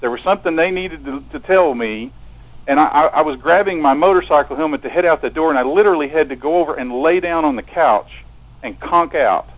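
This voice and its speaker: A man's voice: on the high side, fairly quick. Earnest male radio guest with a stammering delivery, heard over a thin phone line. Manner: earnest, stammers and repeats words. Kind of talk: casual phone conversation. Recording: narrow telephone line.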